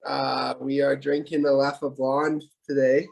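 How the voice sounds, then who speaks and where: A man talks easily and casually as a podcast co-host. His voice sits at a middle pitch and moves little. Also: little pitch movement, unhurried, gravelly, a little mellow. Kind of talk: casual chat.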